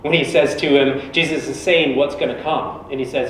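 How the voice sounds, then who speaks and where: A man's voice: on the high side, fairly even intonation, moderate pace, slight background noise. A man giving a sermon in a casual, storytelling way, recorded in a church. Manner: conversational, informal storytelling. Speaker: preacher. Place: large church. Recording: echoey church from a distance.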